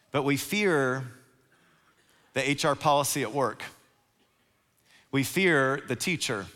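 Animated preacher in a reverberant hall. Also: male voice, fairly high pitch. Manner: animated, acts out quoted voices. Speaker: pastor. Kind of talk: sermon.

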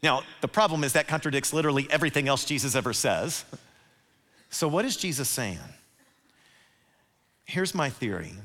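A man preaching a sermon as pastor, animated and acting out the voices he quotes. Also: medium pitch, moderate pace, long pauses. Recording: long hall reverb.

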